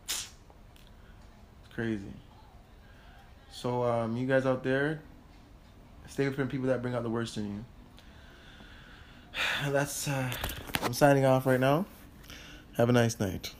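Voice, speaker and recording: A man telling a heated personal story in casual chat, animated, laughing and swearing as he goes. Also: mid-range voice, slow pace, pauses often, a little hiss or hum. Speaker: host.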